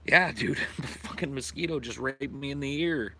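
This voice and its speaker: A man's voice: mid-range voice, normal speed, sharp tone, slight background noise. A man chatting casually and profanely on a livestream, rambling about his day while sitting outdoors in his backyard at night. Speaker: streamer.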